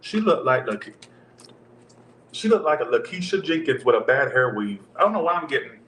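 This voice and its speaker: A man's voice: mid-range voice, lively intonation, normal speed. Man giving a rambling tarot reading. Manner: loose, rambling, talks straight to viewers. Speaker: tarot reader. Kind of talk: casual tarot reading for viewers. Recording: roomy echo with faint background hum.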